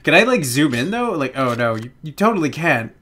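A young man giving casual let's play commentary, excitable and giggly, with panicky outbursts and a lot of swearing. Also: a little high, fairly quick. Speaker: gaming channel host.

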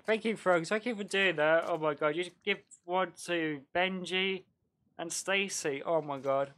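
Man, streamer, fairly high voice, chatty game commentary, quick to laugh, casual slang. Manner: excitable, chatty, laughs often, mild slang.

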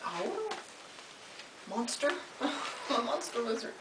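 Woman baby-talking her iguanas at home, kinda high voice, echoey room with hiss. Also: very animated, slow. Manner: cooing baby talk to pets. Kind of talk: casual home video chat. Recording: roomy home recording with hiss.

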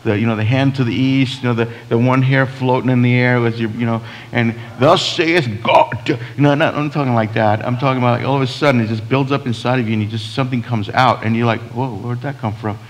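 A man's voice: medium pitch, little pitch movement, fast, hardly any pauses, big-room sound, low-quality recording. A man, a pastor preaching a sermon in a conversational way, full of restarts and quoted asides. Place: church sanctuary.

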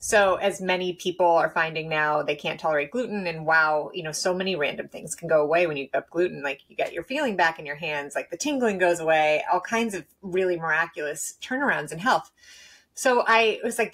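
A woman guest in a conversational interview, telling her story in a lively way with restarts and laughs. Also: lowish voice. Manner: animated, quick, with laughs and restarts.

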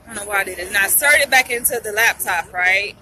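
A woman's voice: medium pitch, fast, pushed and bright, poor audio. A young woman, venting in a casual vlog. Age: young adult. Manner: upset, venting, says y'all a lot. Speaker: vlogger.

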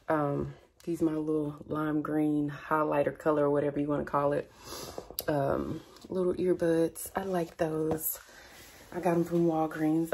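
A middle-aged woman talks to a handheld camera in her bedroom. Her voice sits low, and she rambles in a chatty, confiding way with drawn-out fillers. It feels like an easygoing day-in-the-life vlog. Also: a little mellow. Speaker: vlogger. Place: bedroom at home. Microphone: handheld camera mic.

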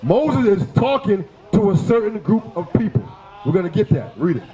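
A man preaching on a city street, forceful and confrontational, firing rhetorical questions at passersby. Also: high voice, very animated, normal speed, echoey room, low-quality recording. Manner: forceful, fires rhetorical questions, repeats "right?".

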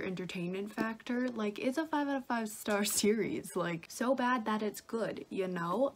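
Speaking from home, a book vlogger, a young woman with a mid-range voice, keeps her vlog casual and chatty, often mocking herself and leaning heavily on "like." There's a faint hiss or hum in the audio.

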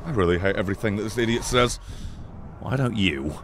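A man streaming a video game live, commenting excitably and swearing often. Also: fairly low pitch, fairly quick, a little hiss or hum. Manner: excitable, profane, chatty.

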